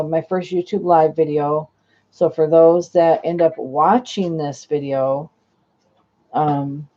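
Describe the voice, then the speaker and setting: A casual host talks through a sewing project at home, rambling and restarting mid-sentence in a mellow, dark-toned voice. The live-stream audio is dull and lo-fi, picked up by a built-in camera mic. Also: medium pitch.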